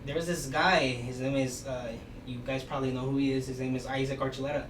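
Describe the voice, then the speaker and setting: A man's voice: medium pitch, quick pace. A young man, a podcast guest, telling stories casually and loosely, with lots of "you know" and "like". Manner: relaxed storytelling, many fillers like "you know" and "like". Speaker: podcast guest, aspiring musician. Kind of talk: casual conversation. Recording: echoey room, distant mic, background noise.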